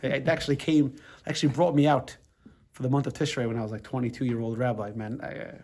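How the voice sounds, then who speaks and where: A man's voice: mid-range voice, level tone, fast talker, darkish tone. A middle-aged American rabbi teaching a casual class, talking loosely, restarting his sentences and checking in with the room. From United States. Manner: conversational, repeats words and restarts, asks the room "right?".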